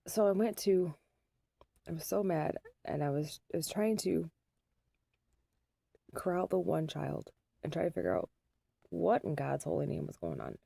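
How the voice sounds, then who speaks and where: A woman with a low, mellow voice and a gravelly edge tells a story from home as a mother. She rambles and pokes fun at herself, with plenty of ums and restarts. The sound is dry and close. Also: very animated, moderate pace, pauses often, no room sound. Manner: rambling and self-deprecating, with many fillers.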